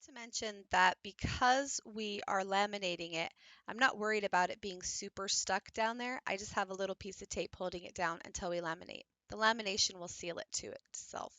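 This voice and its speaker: Female teacher, crisp bright tone, dry close-mic sound, patient hands-on tutorial delivery. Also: mid-range voice, a little fast, no echo. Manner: patient step-by-step explaining, demonstrating while working. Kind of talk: instructional craft tutorial.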